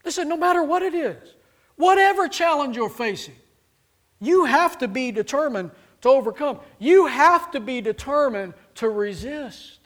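A man preaching a sermon with fervent delivery, rising to loud emphatic peaks and dropping low, acting out the voices of scripture characters. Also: lively intonation, normal speed.

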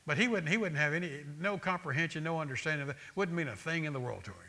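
A man preaching a sermon in a bright, forceful voice that sits a little high. He builds emphasis by repeating phrases in rising runs. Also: expressive, fast. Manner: emphatic, repetitive preaching cadence with rising pleas.

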